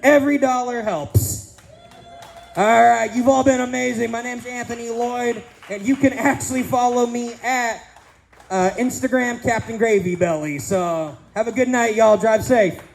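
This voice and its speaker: A man's voice: very high voice, steady tone, moderate pace, creaky, soft background music, low-quality recording. A man in his thirties doing a crude, self-deprecating stand-up comedy set with punchy delivery on a casino stage. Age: 30s.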